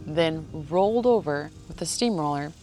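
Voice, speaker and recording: A woman's voice: sits low, lively intonation, normal speed, mellow, faint music behind. A woman vlogging outdoors in the shade, ranting in a sarcastic, joking way. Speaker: ranch vlogger. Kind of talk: casual vlog monologue.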